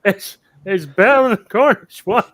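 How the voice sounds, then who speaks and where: A man's voice: high voice, normal speed, fairly bright tone. A man playing a tabletop game, teasing the game master and stammering over repeated words. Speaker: player. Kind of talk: casual tabletop chat.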